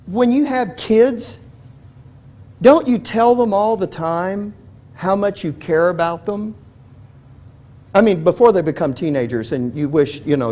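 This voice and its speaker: High-voiced man teaching a Bible study. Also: darkish tone. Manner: chatty, restarts sentences, asks the audience questions; humorous storytelling.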